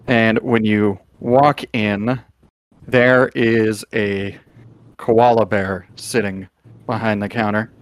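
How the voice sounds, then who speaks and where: A man narrating as game master of a tabletop game, in a relaxed, drawn-out way with pauses. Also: fairly low pitch, dry recording.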